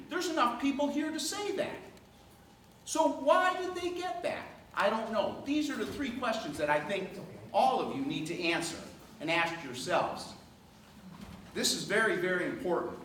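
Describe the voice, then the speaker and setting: Emphatic man with a lively voice in an echoey hall. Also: high voice, moderate pace. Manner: emphatic, rhetorical, argumentative. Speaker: resident speaking at public meeting. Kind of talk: public comment at town meeting. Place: town meeting room. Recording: echoey hall from far off, noisy.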